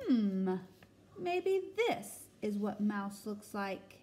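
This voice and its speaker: A woman teacher reading a picture book aloud to children over a video call, asking them questions as she goes. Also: mid-range voice. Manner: slow, animated storytelling with questions to listeners.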